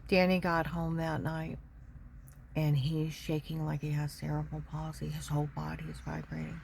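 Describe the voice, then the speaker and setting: Low-voiced woman giving emotional testimony. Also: little pitch movement, moderate pace, creaky, darkish tone, a little hiss or hum. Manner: emotional, repeats key points. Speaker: mother telling her own story. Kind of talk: personal testimony.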